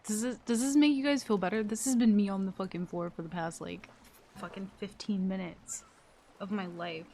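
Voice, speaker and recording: A woman's voice: mid-range voice, steady tone, moderate pace, creaky, mellow, slight background noise. A woman live streaming from her desk at home, chatting casually to viewers in an exasperated, rambling way and swearing a lot.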